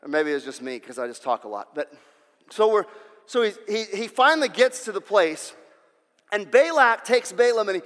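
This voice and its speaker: Brief: excitable male preacher, high voice, reverberant hall. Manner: restless, repeats words, builds to shouting. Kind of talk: sermon.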